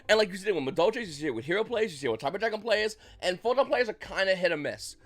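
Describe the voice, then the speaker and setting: A man's voice: high-pitched, animated, fast talker, fairly bright tone. A man hosting a casual trading card market commentary, talking loosely and acting out buyers' reactions in mock voices. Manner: loose, rambling delivery with restarts.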